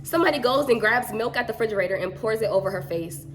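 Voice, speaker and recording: A woman telling a story in a casual chat, animated and slangy. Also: on the high side, fast, slight background noise.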